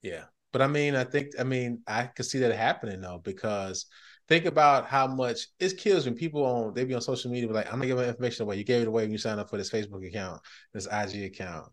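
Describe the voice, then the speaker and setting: Animated man hosting a casual podcast. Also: medium pitch, fairly quick. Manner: animated, jumps into loud excited bursts. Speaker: podcast host. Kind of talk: casual chat.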